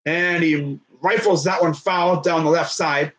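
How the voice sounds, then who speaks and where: A man's voice: on the high side, fairly even intonation, a little slow, fairly bright tone, low-quality recording. A man streaming as a baseball fan, giving rambling, joking, slangy live commentary on a game.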